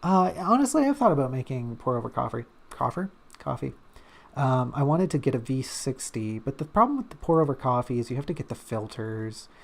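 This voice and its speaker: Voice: mid-range voice, sing-song, brisk, few pauses. A streamer chatting in a loose, rambling way while drawing on stream, full of self-mocking asides and little hums. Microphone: desk streaming mic.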